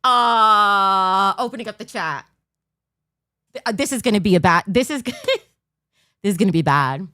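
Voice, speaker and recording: A woman's voice: medium pitch, moderate pace, pauses often, sharp tone, dry recording, studio quality. An overtired woman hosting a casual livestream, rambling and losing her train of thought. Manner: bursts into a mock auctioneer patter. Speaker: livestream host.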